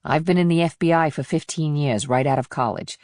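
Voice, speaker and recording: A woman voicing a blunt, wry female FBI agent in an audiobook, speaking in a low, plain manner. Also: fairly quick, a little mellow, no echo, clean studio sound. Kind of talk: audiobook dialogue.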